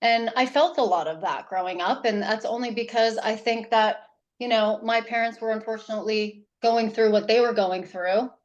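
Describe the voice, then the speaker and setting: A woman guest talks about her parenting work in a loose, animated interview style. She rambles and restarts her sentences often. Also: a little high, moderate pace, highs cut off. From New Hampshire. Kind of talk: casual interview talk.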